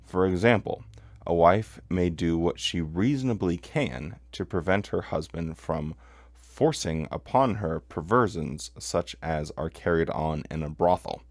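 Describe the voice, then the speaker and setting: A man's voice: sits low, measured pace, no echo. A man hosting a commentary show, reading quoted passages aloud and then arguing against them with heated emphasis. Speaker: podcast host. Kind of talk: commentary on religious texts.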